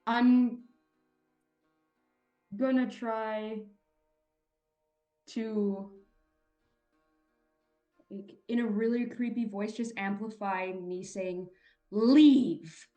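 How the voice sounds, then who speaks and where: A woman's voice: medium pitch, fairly even intonation, extremely slow, pauses often, warm tone, reverberant, faint music behind. A woman playing a tabletop game, blunt and swearing casually. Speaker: player.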